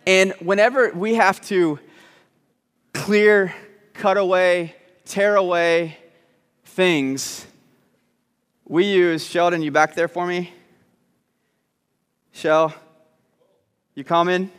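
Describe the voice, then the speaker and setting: A pastor preaching a sermon, emphatic and repetitive, with joking asides to the congregation. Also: male voice, high voice, steady tone, slow pace, pauses often, fairly bright tone, clean tone. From Southern United States (Arkansas, Texas). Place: church sanctuary. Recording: long church reverb.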